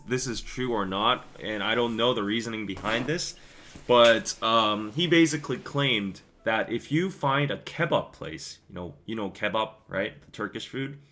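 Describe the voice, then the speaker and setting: A young man hosting a live stream, chatting casually and rambling through stories and viewer comments with quick asides and laughs. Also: lowish voice, fairly bright tone. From Korea. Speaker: podcast host reading live chat.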